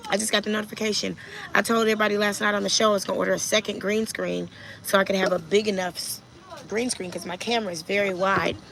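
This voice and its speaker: A woman's voice: medium pitch, level tone, quick pace, creaky, a bit bright, a little hiss or hum, low-quality recording. A woman hosting a casual livestream, chatting and reading viewer comments aloud as she answers them. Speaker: livestream host.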